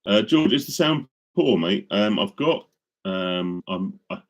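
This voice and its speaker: A middle-aged man chats casually with live stream viewers through a studio microphone, rambling with lots of ums and restarts. His voice is lowish with lively intonation, and he speaks slowly.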